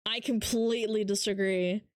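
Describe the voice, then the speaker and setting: A woman's voice: mid-range voice, fairly even intonation, normal speed, no room sound, studio quality. A woman livestreamer in casual chat, ranting with lots of swearing and mocking her viewers. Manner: ranting, profane, mocking impressions.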